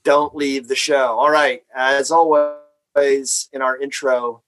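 A man hosting an education podcast, talking in a relaxed, chatty way with his co-hosts. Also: mid-range voice, poor audio. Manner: relaxed, chatty, reads sponsor copy quickly. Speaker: podcast host. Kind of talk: casual podcast chat.

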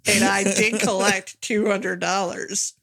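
A woman's voice: medium pitch, level tone, slow pace, fairly bright tone. A woman co-hosting a casual movie commentary podcast, playful and laughing often. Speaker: podcast co-host.

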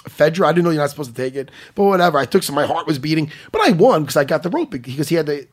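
Forty-something guy hosting, swears a lot, gets fired up fast, kinda husky. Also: a little high. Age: 40s. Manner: loud, profane, excitable, fast bursts. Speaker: host. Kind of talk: casual chat, storytelling.

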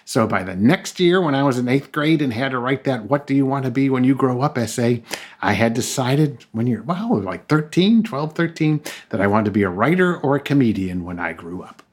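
A man's voice: medium pitch, sing-song, normal speed, breathy edge. Jokey middle-aged man telling stories. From Buffalo, New York, raised in Tennessee. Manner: jokey storyteller, puts on voices in anecdotes. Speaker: author guest. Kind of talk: interview chat.

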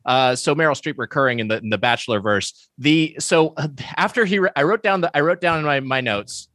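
Guy co-hosting a podcast, bright sharp voice, laughing and wry, dry sound. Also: a little high, brisk, no room sound. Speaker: podcast co-host. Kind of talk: casual chat.

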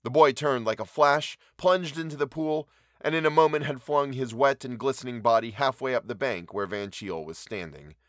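A man reading a classic short story aloud, measured and wry. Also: mid-range voice, no echo, studio quality. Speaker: narrator.

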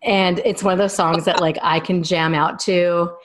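A woman's voice: on the low side, steady tone, moderate pace. A woman in her thirties, a guest in a casual interview, telling long, rambling personal stories. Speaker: small business owner and guest.

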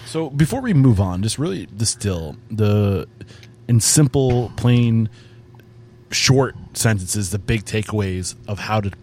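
Low-voiced male podcast host. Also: lively intonation, slow pace, darkish tone, slight background noise. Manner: steers the guest, loose rambling questions. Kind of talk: casual interview.

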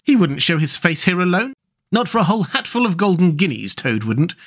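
A man's voice: high voice, very animated, fairly quick, fairly bright tone, voice pushed up, exaggerated voice. A man voicing a good-natured, brave male water rat who talks in a soothing, reassuring way. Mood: amused.

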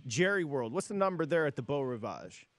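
A man hosting a sports show, tossing brisk, teasing questions to the panel. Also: on the high side, big pitch swings, no room sound. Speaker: host.

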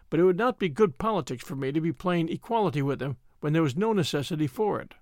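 A man's voice: fairly high pitch, no room sound, studio quality. A man narrating an audiobook with wry, dryly humorous storytelling. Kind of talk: scripted narration.

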